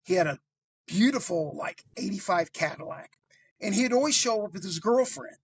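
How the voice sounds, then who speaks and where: Husky, animated male storyteller. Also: sits high, normal speed, no echo. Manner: animated, swears freely, acts out voices. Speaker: guest storyteller. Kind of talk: casual storytelling on a podcast.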